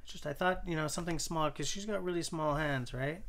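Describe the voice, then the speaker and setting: Gravelly-voiced man chatting on a livestream. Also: on the high side, a little fast, a bit bright. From Canada. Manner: rambling, thinks aloud, reads chat messages and reacts. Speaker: livestream host. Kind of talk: casual live-stream chat with viewers.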